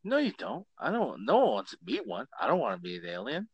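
A man co-hosting a podcast, telling stories in a casual, swearing, animated way. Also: medium pitch, fast talker, vocal fry, breathy edge, no room sound. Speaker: podcast co-host. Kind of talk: casual chat.

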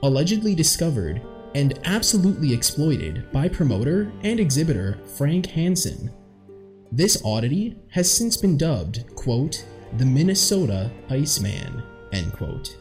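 A man's voice: mid-range voice, big pitch swings, a little slow, a little mellow, faint music behind. A young man hosting a casual mystery podcast, joking and laughing often, recorded in an echoey room. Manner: jokey, lots of fillers and laughter. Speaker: podcast host. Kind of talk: casual podcast chat, reading facts.

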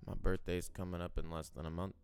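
A man's voice: low voice, flat delivery, fast talker, gravelly, a little mellow, smooth. A man in his twenties hosting his own podcast, talking off the top of his head in a rambling, profane, musing way while smoking. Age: 20s. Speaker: podcast host. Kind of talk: unscripted solo podcast monologue.

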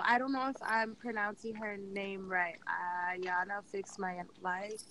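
A woman's voice: medium pitch, fairly even intonation, a little slow, pushed and bright, a little hiss or hum. A young woman casually chatting as a podcast co-host, telling a story in a laid-back way with many fillers. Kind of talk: casual chat.

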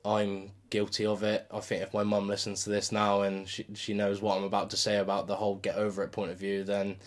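A man's voice: lowish voice, completely flat delivery, fairly quick. A man co-hosting a podcast in casual chat, who laughs often while he talks. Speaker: podcast co-host.

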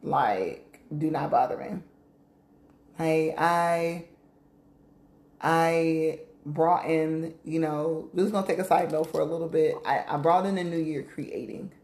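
A woman's voice: deep voice, slow, a little mellow, roomy sound. A woman co-hosting a casual spiritual talk show, speaking candidly with frequent swearing and laughter. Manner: candid, profane, laughs often. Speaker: podcast co-host. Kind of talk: casual chat.

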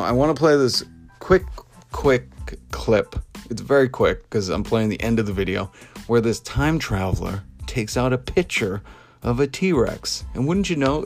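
A man's voice: medium pitch, animated, normal speed, soft background music. Scornful man ranting on his podcast. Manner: sarcastic, scornful, laughs at his own remarks. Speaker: podcast host. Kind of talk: ranting commentary.

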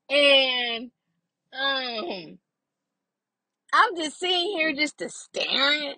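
A woman with a high voice hosts her podcast while driving, speaking slowly into a phone in a dry-sounding car. Chatty and animated, she talks casually to her listeners, calling them y'all.

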